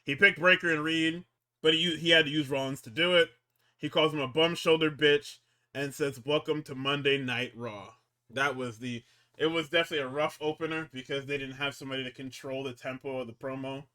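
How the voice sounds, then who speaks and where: A man's voice: fairly high pitch, steady tone, fairly quick, sharp tone. A man co-hosting a podcast, chatting casually as he recaps shows, rambling, cursing constantly and tripping over his words. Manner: rambling, swears constantly, stumbles and restarts. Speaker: podcast co-host recapping wrestling. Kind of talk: casual profane recap chat.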